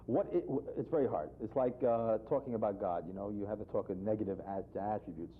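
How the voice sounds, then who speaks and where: A man, a humorist guest in a TV studio, telling a joke and talking about humor, acting out voices with big jumps in pitch. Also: fast talker, hardly any pauses, a little hiss or hum. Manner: animated storyteller, acts out characters with sharp jumps in pitch. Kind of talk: joke telling and interview talk. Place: television studio. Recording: tinny phone-like archive broadcast.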